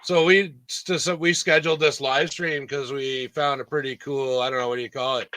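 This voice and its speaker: An easygoing man hosting a live stream, with a bright, forceful voice. He talks loosely and rambles through his questions. The sound is dry and close. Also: mid-range voice, level tone, normal speed, no echo. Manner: easygoing, full of "like" and "dude". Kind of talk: casual chat.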